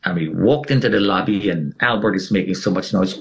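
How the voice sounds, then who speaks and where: A man's voice: sits low, fairly quick, vocal fry, hardly any pauses. A man as an interview guest, telling a dramatic personal story and acting out the scenes. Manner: animated, acts out scenes.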